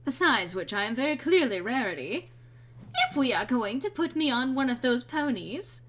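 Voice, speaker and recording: Female streamer, casual and playful, higher pitched and bright. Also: lively intonation, normal speed. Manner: chatty, rambling, playful asides. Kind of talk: casual gameplay commentary.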